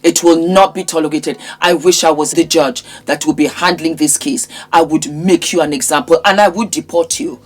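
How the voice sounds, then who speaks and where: A woman's voice: sits low, steady tone, normal speed, few pauses. Woman ranting on her vlog, sore throat, repeats herself for emphasis, faint music under it. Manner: indignant, scolding, repetitive emphatic phrasing. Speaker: vlogger. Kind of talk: impassioned commentary monologue. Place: in England.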